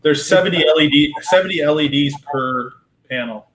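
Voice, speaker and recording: A man talking in a relaxed, slightly boastful way in a casual aquarium chat. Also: fairly high pitch, brisk, a little hiss or hum, poor audio. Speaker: aquarium hobbyist co-host.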